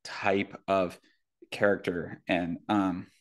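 A young man from North Florida talking in a casual podcast conversation, halting, with many filler words. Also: sits low, flat delivery. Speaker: podcast guest or host.

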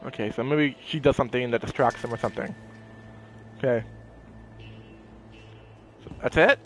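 A man doing casual let's-play commentary, excitable and goofy, playfully scolding characters in the game. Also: mid-range voice, normal speed, faint music behind. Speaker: gameplay commentator.

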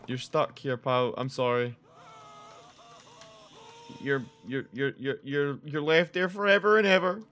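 A man's voice: medium pitch, steady tone, a little slow, pauses often, fairly bright tone. A young man commentating a horror game, joking, swearing and yelping when startled. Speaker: gaming video host. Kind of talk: let's play commentary.

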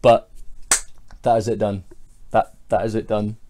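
A man's voice: fairly low pitch, flat delivery, a little slow, dark tone, a little hiss or hum. A man giving running commentary over his online fighting game matches, exasperated and ranting about his opponent. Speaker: gaming commentator. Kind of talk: live gameplay commentary.

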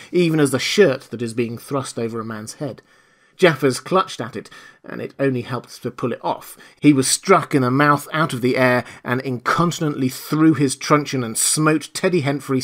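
A male audiobook narrator with a mid-range voice, telling the story in a dramatic, expressive way. Scripted narration, read steadily. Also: mid-range voice.

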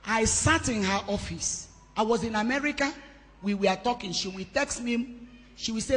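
A woman's voice: on the high side, normal speed. Woman preaching in a big hall. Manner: emphatic storytelling with shifting loudness. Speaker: pastor hosting a women's conference. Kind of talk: sermon testimony. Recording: long hall reverb.

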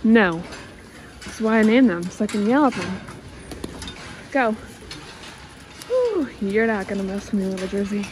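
A woman's voice: mid-range voice, very animated, unhurried, pauses often. A young woman on a farm, out of breath and flustered, coaxing loose cows and talking to herself while she films. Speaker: farm vlogger. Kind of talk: casual vlog narration while herding cows. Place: outdoors on a farm, among cows. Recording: noisy outdoor farm recording.

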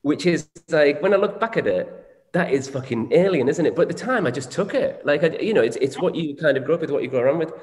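A man's voice: a little high, animated, fast, darkish tone. A man, co-hosting a candid conversation, reflective and swearing casually. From Northern England. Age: 40s. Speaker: co-host. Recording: echoey room with long reverb.

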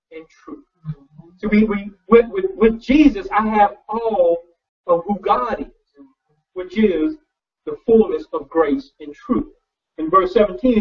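A male pastor preaching in a loose, conversational way, often repeating words and restarting his sentences in a folksy, personal tone. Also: sits high. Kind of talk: conversational sermon. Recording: distant, dull lo-fi sound.

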